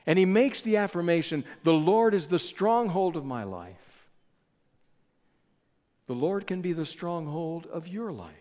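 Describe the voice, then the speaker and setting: A male pastor delivers a sermon, telling a story in an unhurried, measured way and leaning on dramatic pauses. His voice sits fairly high for a man and moves very slowly. The sound rings with the long reverb of a large church hall. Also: animated, darkish tone.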